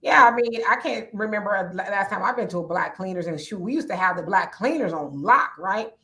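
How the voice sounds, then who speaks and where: Raspy woman co-hosting a livestream, reads chat comments out loud and talks back, bright kinda sharp voice. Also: medium pitch, expressive, brisk. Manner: conversational, reads comments aloud and answers them. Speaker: livestream co-host. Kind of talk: casual livestream chat reading viewer comments.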